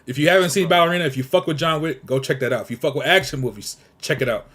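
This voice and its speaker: A man's voice: on the high side, rapid-fire, fairly bright tone, a little hiss or hum. A man hosting a casual podcast chat, brash and profane as he teases the others. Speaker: podcast host.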